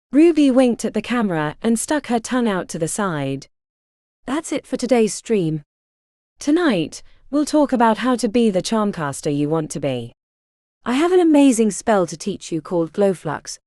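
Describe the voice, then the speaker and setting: A woman's voice: medium pitch, dark tone, no echo, clean studio sound, lightly acted. Woman doing Ruby, a flirty glamorous streamer.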